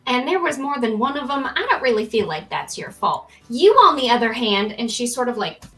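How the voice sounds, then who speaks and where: A woman's voice: on the high side, big pitch swings, brisk, a bit bright, recorded from a distance, soft background music. A woman playing a frank young woman in a tabletop game, who scolds bluntly. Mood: scolding.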